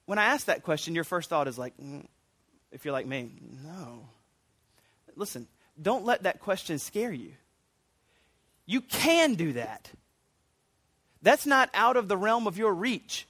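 A man preaching a sermon, animated and earnest, often restarting his sentences. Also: high voice, measured pace, pauses often, no echo. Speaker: pastor.

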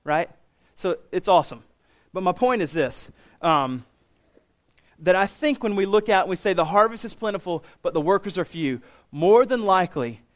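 Pastor guy preaching, kinda high voice, gets loud and lively acting out what others say. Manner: animated, rising loud when quoting others. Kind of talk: sermon.

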